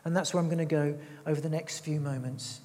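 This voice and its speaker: A man preaching a sermon, reading scripture aloud and slowing down to stress key words. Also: a little high, steady tone, dark tone, long reverb tail. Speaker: pastor. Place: church hall.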